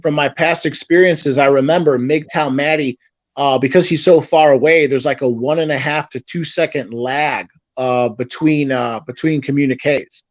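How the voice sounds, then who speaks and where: A man hosting a casual video-call interview, speaking haltingly and often restarting his sentences. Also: a little high, fairly even intonation, no room sound. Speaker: host. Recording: dull lo-fi call audio.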